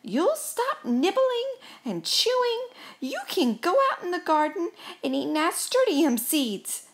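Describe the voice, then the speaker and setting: A woman voicing a friendly, worried male ghost in a storybook read-aloud, calling out in a high, drawn-out voice. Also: sing-song, vocal fry, exaggerated voice. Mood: commanding. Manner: high, loud and drawn-out calls. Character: friendly fretful male ghost, stern when pushed.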